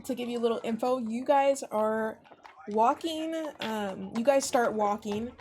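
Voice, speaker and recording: A young woman narrating as game master for a tabletop game, in a loose, rambling manner full of fillers and small restarts. Her voice sits a bit high for a woman. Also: a little slow, darkish tone, a little hiss or hum. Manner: rambling, with frequent fillers and laughs.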